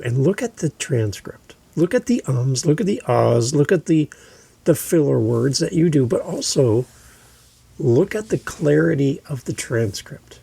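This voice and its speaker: A man hosting a podcast, giving deliberate instructional advice into a close microphone and repeating his key points. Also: mid-range voice, creaky, mellow, breathy edge, no echo. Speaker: podcast host and coach.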